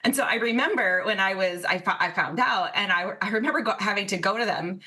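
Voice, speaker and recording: A woman's voice: medium pitch, fast. A woman guest in casual podcast chat, telling stories animatedly and acting out quotes. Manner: animated storyteller, lots of fillers and restarts, acts out quotes.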